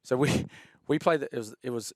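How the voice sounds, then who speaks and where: Animated Australian man telling footy stories. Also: medium pitch, brisk, no room sound, studio quality. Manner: animated, laughs often, says "mate" a lot. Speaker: podcast guest, former rugby league player. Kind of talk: casual storytelling chat.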